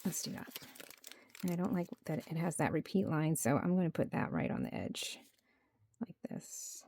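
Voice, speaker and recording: A woman's voice: deep voice, sing-song, normal speed, creaky, background noise. A woman narrating her journaling in a casual, chatty way, thinking aloud as she works at her home craft desk and sometimes dropping to a near-whisper. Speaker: journaling creator.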